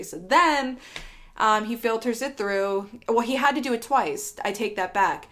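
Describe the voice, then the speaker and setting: A woman's voice: medium pitch, normal speed, fairly bright tone. A young woman vlogger telling a candid storytime, rambling and swearing freely with lots of fillers. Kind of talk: storytime vlog.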